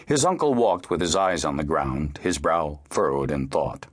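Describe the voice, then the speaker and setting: A man narrating an audiobook in a measured, expressive storytelling manner. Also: low voice.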